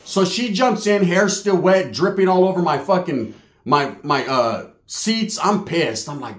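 A man's voice: high-pitched, lively intonation, unhurried. A man telling a slangy, profane comedic story, full of punchy asides. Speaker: comic storyteller. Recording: roomy echo.

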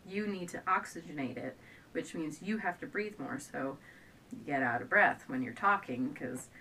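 A young pregnant woman talks casually to her camera at home, drifting from thought to thought and often short of breath. She sits a little back from the mic, with a faint low rumble behind her voice. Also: expressive, moderate pace, bright, forceful tone, recorded from a distance, rough recording. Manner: rambling, chatty, trails off and restarts often. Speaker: stay-at-home mom vlogger. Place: at home indoors.

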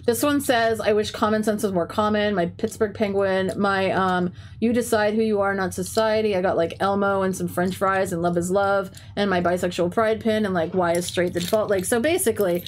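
A young woman with a mid-range voice chats casually on her stream, speaking briskly with fairly even intonation and hardly pausing. She's a teacher and game streamer telling chatty stories packed with "like" and swearing, and her nose is stuffy and runny.

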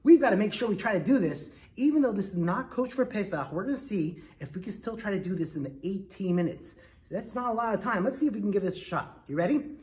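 A woman's voice: mid-range voice, lively intonation, fast, darkish tone. A woman presenting a hands-on lesson to a group of children, upbeat and coaxing as she leads them in call-and-response. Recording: echoey room, faint background noise.

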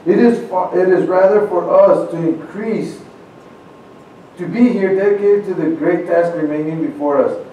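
A man's voice: high-pitched, warm tone, lo-fi sound, a little hiss or hum. Earnest man in a very echoey hall. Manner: earnest, halting, repeats words as he restarts. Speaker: church speaker. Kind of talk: address to a congregation, reading founding documents aloud. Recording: very echoey room, speaker far from mic.

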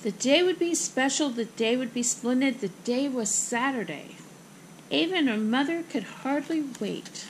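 A woman reading a children's picture book aloud with expressive, rhythmic phrasing. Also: high-pitched, moderate pace, a little hiss or hum, low-quality recording. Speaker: storybook reader.

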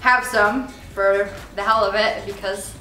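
A young woman hosting a casual candy taste-test vlog, chatty and giggly, loud when excited and mumbling while she chews. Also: mid-range voice, measured pace, roomy sound, soft background music, low-quality recording. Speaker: vlog host.

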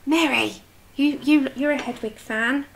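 A woman's voice: high-pitched, a little slow, gravelly. A woman chatting casually as she hosts a colouring livestream, reading comments aloud and talking to her dog. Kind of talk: casual chat with live chat. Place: home, at her desk.

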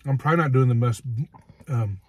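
A man's voice: mid-range voice, fairly quick, darkish tone, slightly rough, no room sound. A man chatting casually with his partner over a meal, joking in a laid-back, dry way. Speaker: co-host, partner. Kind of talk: casual chat while eating.

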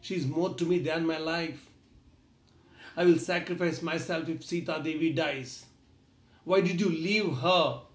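Man voicing a heartbroken prince, raised and lamenting, pitched up, echoey room. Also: steady tone, brisk, hardly any pauses, close to an everyday voice. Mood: grieving lament. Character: grief-stricken prince weeping for his lost wife.

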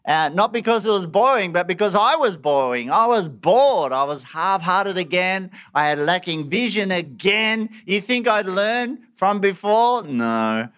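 A man's voice: sits high, measured pace, hardly any pauses, clean tone. A man preaching a sermon, joking at his own expense and laughing often. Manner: self-mocking, animated, laughs often.

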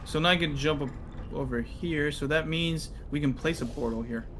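Excitable young man with a bright voice. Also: fairly high pitch, moderate pace, slight background noise. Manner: excitable, yelps and shouts in panic. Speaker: co-op guest player. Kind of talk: casual gaming chat.

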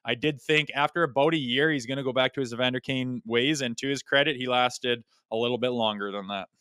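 A man co-hosting a sports podcast, talking fast and bluntly with a bright, forceful edge. His voice is smooth and clear, recorded dry and close with no room sound. He is opinionated, ornery and salty-mouthed. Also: mid-range voice, fairly even intonation, no room sound. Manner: blunt, opinionated, swears freely; self-described ornery. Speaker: podcast co-host. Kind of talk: casual sports podcast chat.

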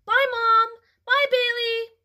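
A woman voicing a whiny toddler girl in a storybook reading, in a high, pleading voice. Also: very animated, measured pace, sharp tone, full character voice. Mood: excited.

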